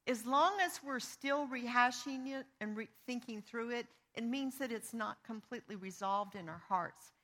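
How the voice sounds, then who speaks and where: A woman with a bright, ringing voice, pitched a little high, teaching from the Bible. She talks earnestly and plainly, leaning on the verses as she reads them aloud. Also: normal speed, few pauses. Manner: reads scripture aloud with emphasis; earnest and conversational, with small restarts. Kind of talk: teaching on forgiveness.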